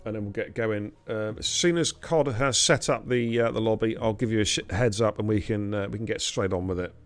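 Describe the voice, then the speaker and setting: A man's voice: on the low side, fairly quick, clean tone, soft background music. A man hosting a racing league live stream, bantering and teasing the drivers in casual commentary. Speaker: race league host.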